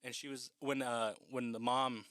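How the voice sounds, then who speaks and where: A man's voice: medium pitch, flat delivery, normal speed, fairly bright tone, no room sound, clean studio sound. Chatty, profane man recapping a horror film.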